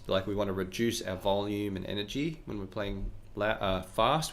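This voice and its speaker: A man giving a casual guitar lesson, explaining technique in a relaxed way and often checking in with "right?". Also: fairly low pitch, a little slow, few pauses. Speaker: guitar teacher. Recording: faint guitar music behind voice. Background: his own guitar playing between phrases.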